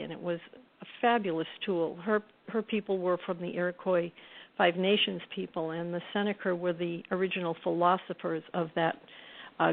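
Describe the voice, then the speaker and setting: Middle-aged woman guest, reflective storyteller, lowish voice, tinny phone-line sound. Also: creaky. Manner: reflective, warm-toned storytelling with soft laughs. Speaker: guest author. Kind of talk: conversational interview storytelling.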